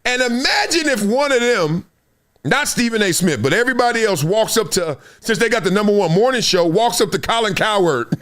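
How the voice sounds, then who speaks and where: Lively high-voiced man talking sports. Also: a little fast. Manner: lively storytelling, acts out quotes and sound effects. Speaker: show host, former NFL player. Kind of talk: animated sports talk monologue.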